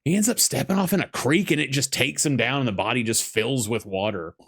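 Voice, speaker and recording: A man's voice: medium pitch, a little fast, a bit bright, slightly rough, no room sound, studio quality. A man chatting casually as a podcast guest, joking and rambling while reacting to a movie, laughing often. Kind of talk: casual movie commentary chat.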